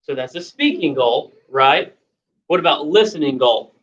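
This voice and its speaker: A woman's voice: sits low, expressive, moderate pace, muffled recording. A woman teacher leading young children through a lesson, patiently prompting and repeating her questions. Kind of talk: classroom instruction to young children.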